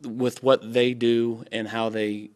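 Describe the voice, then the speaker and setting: A man's voice: mid-range voice, flat delivery, slow, a little mellow. A man, the cinematographer, talking earnestly about his inspirations and searching for words. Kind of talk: casual panel interview.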